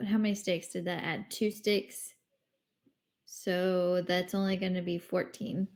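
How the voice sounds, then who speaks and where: A woman's voice: fairly low pitch, level tone, unhurried, a little mellow. A woman chatting casually as a tabletop game player, playful, with giggly asides. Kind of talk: casual chat.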